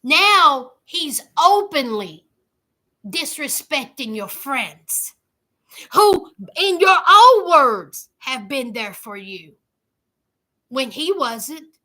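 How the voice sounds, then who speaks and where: Sitting high with big pitch swings, her voice sounds pushed and bright, and she draws out her words. This woman hosts a casual livestream, serving up sassy, emphatic commentary and addressing viewers directly as "y'all" and "honey."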